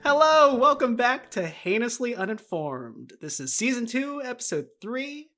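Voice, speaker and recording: A man's voice: very high voice, big pitch swings, unhurried, bright, forceful tone, faint music behind. A man co-hosting a podcast in casual recap chat, enthusiastic and teasing, laughing often. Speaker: podcast co-host.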